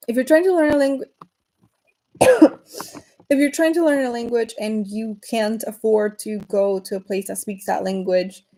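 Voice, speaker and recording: Mellow-voiced woman chatting on a livestream. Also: mid-range voice, poor audio. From Venezuela. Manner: rambling, frequent fillers and restarts. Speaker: livestream host. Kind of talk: casual livestream chat.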